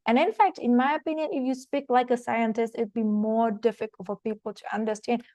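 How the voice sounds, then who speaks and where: A woman's voice: on the high side, steady tone, a little fast, darkish tone, no echo. A woman with a non-native English accent teaching an exam-prep masterclass, explaining step by step and checking in with "okay?". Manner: explanatory, frequent "okay?" check-ins and fillers. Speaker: IELTS teacher. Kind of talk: online masterclass lecture. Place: recorded online class.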